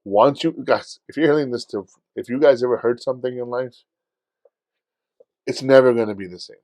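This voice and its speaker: A man co-hosting a podcast in casual chat, telling stories in a profane, animated way and acting out his own shouting. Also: medium pitch, brisk, no echo. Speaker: podcast co-host.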